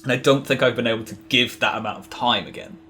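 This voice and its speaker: A man's voice: mid-range voice, fast talker, pushed and bright, a little hiss or hum. A man chatting casually as a podcast guest, rambling with lots of fillers and restarts. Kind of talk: casual interview chat.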